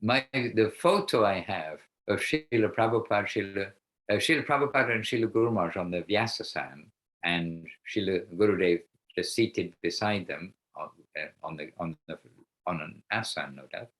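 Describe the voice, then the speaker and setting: Man, very low voice, spiritual teacher hosting a class on a video call, meandering and halting. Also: lively intonation, fairly bright tone, low-quality recording. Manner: rambling, halting, with frequent restarts. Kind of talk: online class talk.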